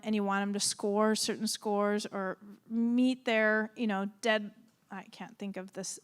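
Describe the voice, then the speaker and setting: A middle-aged woman and former therapist giving an animated, laugh-filled talk to a moms' group. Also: mid-range voice, clean tone. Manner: animated, acts out reactions, laughs often.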